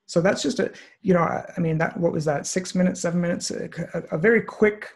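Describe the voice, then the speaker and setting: A man walking through a photo compositing tutorial on screen, relaxed and thinking aloud with many fillers. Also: high-pitched, fairly quick, gravelly. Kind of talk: screen-share software tutorial. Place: online presentation, recorded at his computer.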